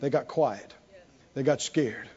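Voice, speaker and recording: A man preaching a sermon with animated emphasis, often asking the congregation questions. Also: mid-range voice, takes it slowly, husky. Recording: dull lo-fi recording.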